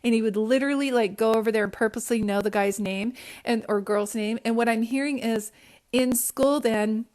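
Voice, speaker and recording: A fairly high-voiced woman gives a psychic reading on a live stream, captured on a phone. She talks chattily and emotionally, often close to tears, and keeps asking whether her words make sense to the listeners. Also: fairly even intonation, brisk, a little mellow. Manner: emotional, near tears at times. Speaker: psychic medium. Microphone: phone livestream.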